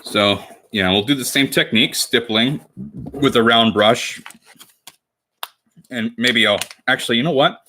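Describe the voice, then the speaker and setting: Chatty and bright-voiced, this young American man in his twenties streams cosplay crafting. His medium-pitched speech is a little slow with long pauses as he rambles, corrects himself, and talks with viewers over slight background noise.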